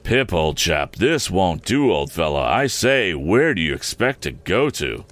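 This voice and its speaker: A man voicing a kindly, simple village blacksmith who talks slowly in a homely rustic dialect. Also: sits low, big pitch swings, fairly bright tone, dry recording, heavily acted. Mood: coaxing, amazed.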